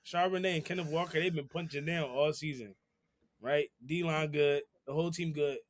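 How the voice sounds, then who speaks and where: This is a young man whose voice sits a little high for a man. He chats casually about football on a podcast. He is slangy, laughs easily and says the same phrase twice. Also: steady tone, normal speed, slight background noise. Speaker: podcast co-host. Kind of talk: casual sports chat.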